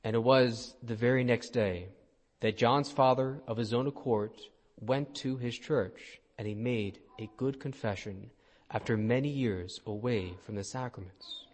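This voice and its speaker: A man, a priest, giving a sermon and telling a story in a gentle way. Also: mid-range voice, a little slow. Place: church. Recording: long church reverb.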